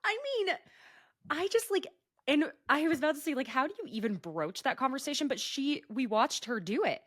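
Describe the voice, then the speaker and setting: A chatty, giggly woman hosting a gossip podcast, with a lively pitch that swings up and down. Her voice is close and dry, with no room sound around it. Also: a little fast, no room sound. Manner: giggly, chatty, many fillers. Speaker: podcast host. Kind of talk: casual gossip chat.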